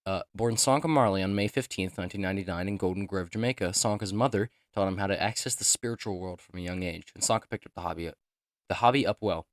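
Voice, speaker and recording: A young man reading his own character profiles aloud, rushing through them with joking asides and stumbles. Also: low-pitched, dry recording, studio quality. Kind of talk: casual reading of written notes.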